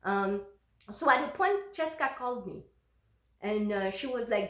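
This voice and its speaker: A woman's voice: mid-range voice, a little slow. A middle-aged woman telling a heated personal story to her viewers, acting out the dialogue. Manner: animated, heated retelling with quoted dialogue. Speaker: vlogger. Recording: echoey room.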